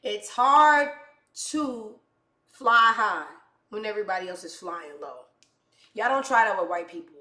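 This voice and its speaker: A woman host tears into the news with heated, profane commentary. Her voice is bright and forceful, and the room around her sounds roomy and echoey. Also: mid-range voice, lively intonation, measured pace. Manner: heated, swearing, blunt. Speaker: show host. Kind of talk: profane comedic rant commentary.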